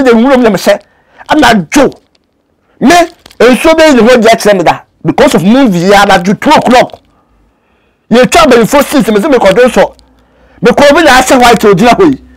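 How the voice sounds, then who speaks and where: A Ghanaian man, a native Twi speaker who works as an actor, talking in an earnest, pleading way and switching between languages. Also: very high voice. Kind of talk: casual interview talk.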